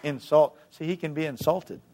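Brief: male pastor mid-sermon, slightly high voice, emphatic, from booming to hushed. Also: moderate pace.

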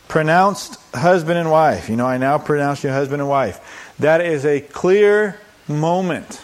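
A pastor with a voice on the high side preaches a sermon, asking rhetorical questions and answering them himself. He acts out quoted voices and drops in humorous asides.

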